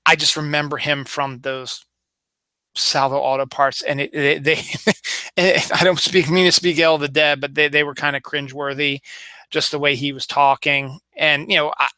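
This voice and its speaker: A man's voice: on the high side, little pitch movement, moderate pace, sharp tone, clean tone, no room sound. A man in his forties from Baltimore with a light Baltimore accent, hosting a solo podcast in a rambling casual chat with many fillers and restarts. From Baltimore, Maryland. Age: 40s. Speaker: podcast host.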